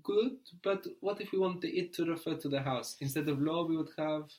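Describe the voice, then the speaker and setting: A man's voice: fairly high pitch, fairly quick, a little mellow. Patient male language teacher. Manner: patient, prompting and correcting a learner. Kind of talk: guided language lesson.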